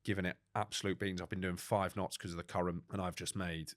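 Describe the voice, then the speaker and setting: Fast-talking man, deep voice. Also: dry recording, clean studio sound. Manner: brisk, animated storytelling full of British slang and self-corrections. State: choked up at times. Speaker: guest, record-setting ocean rower. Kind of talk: storytelling in a podcast interview.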